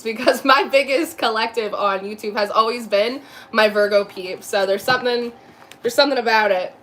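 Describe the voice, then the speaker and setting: A chatty tarot reader from New Jersey does a live reading, her voice fairly high and fairly bright over a little hiss or hum. She laughs often and tosses in quick asides.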